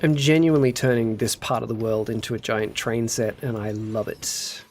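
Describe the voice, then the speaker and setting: A man's voice: medium pitch, steady tone, moderate pace. A man casually chatting on a gameplay livestream, muttering to himself while building and answering his chat. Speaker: streamer.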